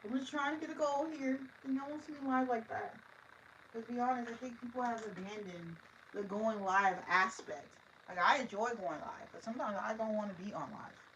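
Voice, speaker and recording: A woman's voice: fairly high pitch, brisk, fairly bright tone, dull audio, slight background noise. A woman reading a story aloud on a livestream, chatty and talking straight to her viewers.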